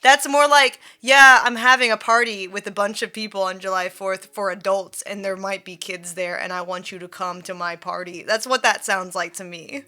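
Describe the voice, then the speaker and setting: A woman streamer telling a story in casual chat, animated and full of fillers, laughing and swearing as she goes. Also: medium pitch, moderate pace, few pauses.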